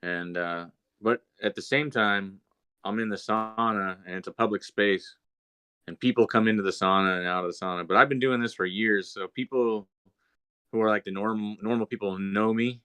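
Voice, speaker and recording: A young man hosting a podcast, telling a story in a relaxed, rambling way with lots of fillers. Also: on the low side, normal speed, clean tone, dry recording. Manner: laid-back rambling with many fillers. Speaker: podcast host. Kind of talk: casual storytelling chat.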